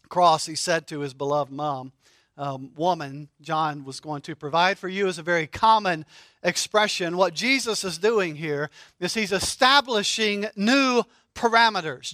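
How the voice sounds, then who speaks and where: A middle-aged man preaching a sermon, animated and humorous, asking rhetorical questions. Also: high-pitched, dry recording, studio quality. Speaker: pastor.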